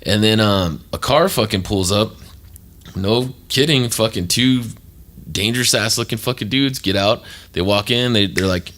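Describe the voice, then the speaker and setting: Deep-voiced man telling a rambling story. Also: moderate pace, fairly bright tone. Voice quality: low voice, swears freely, acts out quoted people. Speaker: podcast host, former tattoo artist. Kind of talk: casual storytelling chat.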